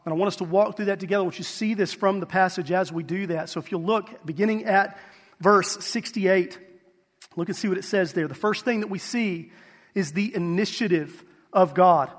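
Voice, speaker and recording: A man's voice: high voice, brisk, in a large hall. A man, a pastor, preaching a sermon with earnest rhetorical questions.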